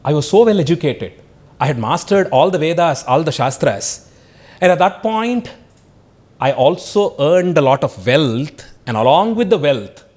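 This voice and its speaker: A cursed demon, once a proud learned man, pours out his confession and begs for forgiveness in a man's telling. The voice sits fairly high and swings widely in pitch, with vowels. It is a confessional and pleading voice. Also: a little mellow. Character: remorseful cursed male demon, once an arrogant scholar.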